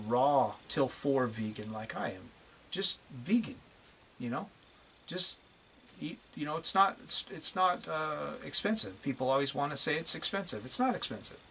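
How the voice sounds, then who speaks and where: A man's voice: mid-range voice, bright, forceful tone, slight background noise. A man ranting bluntly to the camera in a profane, repetitive video monologue. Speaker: vlogger.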